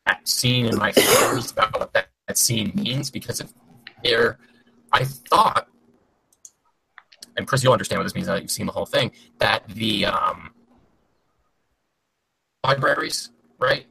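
A man's voice: fairly low pitch, unhurried, gravelly, pauses often, bright, forceful tone, slight background noise, low-quality recording. A man talking casually on a laggy video call, chatty and prone to trailing off and restarting. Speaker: podcast co-host. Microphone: home mic on a laggy video call.

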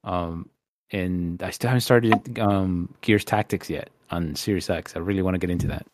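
A man's voice: low voice, fairly even intonation, normal speed, a little hiss or hum. A man in a casual chat about video games, eager and loose, swearing and calling people dude. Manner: enthusiastic, swears, says dude.

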